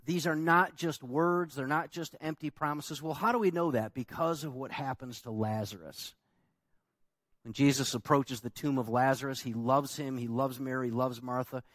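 A man's voice: medium pitch, steady tone, normal speed, dry recording. A man preaching a sermon as pastor, emphatic and conversational, asking the congregation rhetorical questions.

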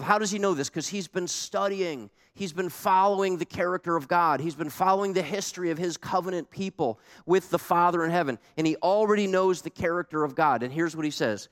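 Male pastor, lively sermon delivery with rhetorical questions; slightly high voice, echoing hall. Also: fairly quick, few pauses. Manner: animated, conversational, rhetorical questions.

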